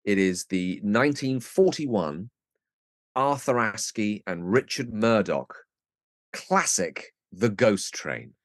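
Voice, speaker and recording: A man with a very low, deep voice chats as a podcast guest, telling a story with gusto and dropping into comic voices. The sound is close and dry, with no room around it. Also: lively intonation, takes it slowly, dry recording. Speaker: guest actor. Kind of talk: casual podcast chat.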